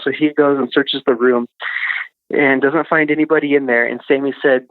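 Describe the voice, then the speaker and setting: A man's voice: mid-range voice, steady tone, normal speed, dry recording. A man recounting a childhood experience as a podcast guest, rambling with lots of fillers over a tinny phone line. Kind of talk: casual storytelling.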